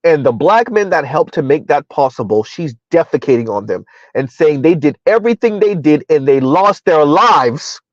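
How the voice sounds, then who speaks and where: A man's voice: a little high, no echo. Rambling man with a dull, dry sound. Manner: rambling, with many fillers and laughs. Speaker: commentary channel host. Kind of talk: casual live-stream commentary.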